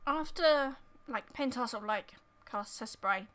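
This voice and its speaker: A woman's voice: fairly high pitch, a little slow, fairly bright tone, clear, resonant tone. A woman running a tabletop game as game master, narrating with many fillers and hesitations.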